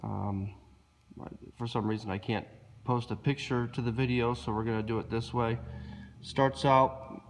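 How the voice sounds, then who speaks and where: A man's voice: medium pitch, a little slow, slight background noise. Man with a cold, casual how-to. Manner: relaxed, hesitant, apologetic asides. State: has a cold, nasal and rough. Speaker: DIY car mechanic. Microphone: handheld camera, filming himself.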